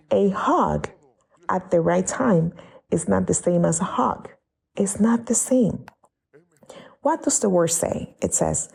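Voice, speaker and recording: Gravelly-voiced woman preaching a sermon. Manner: acts out quoted voices in a high excited tone.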